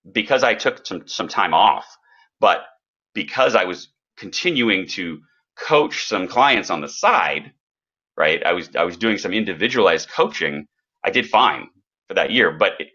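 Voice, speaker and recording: Middle-aged male coach, low bright voice, animated presenter, dull lo-fi stream. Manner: animated, acts out quoted voices. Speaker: business coach. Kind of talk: live-streamed presentation with slides. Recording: slightly dull, lo-fi stream audio.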